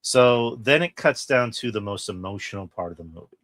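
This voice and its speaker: A man's voice: on the low side, lively intonation, moderate pace, a bit bright, dry recording. A man co-hosting a casual film review, retelling scenes in an emphatic way and swearing freely. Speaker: podcast co-host.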